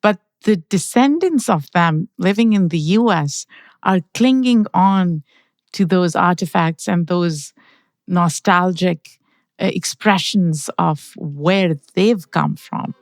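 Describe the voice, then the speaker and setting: Slow, lively-toned woman host. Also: lowish voice, dry recording, studio quality. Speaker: podcast host. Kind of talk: interview conversation.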